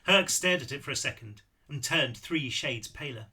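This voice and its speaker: A man, the author, reading his own novel aloud with lively storytelling and the odd self-correction. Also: medium pitch, moderate pace, husky. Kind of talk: read-aloud narration.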